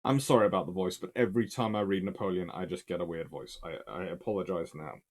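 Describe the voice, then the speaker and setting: A man's voice: sits low, quick pace, darkish tone. A man giving a casual, emphatic spoken history lecture in a conversational way.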